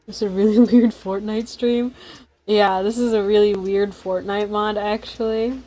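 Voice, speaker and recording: A woman's voice: mid-range voice, moderate pace, a little mellow, faint music behind, poor audio. A woman streaming a story game, chatting casually and reading its text aloud in a rambling, giggly way.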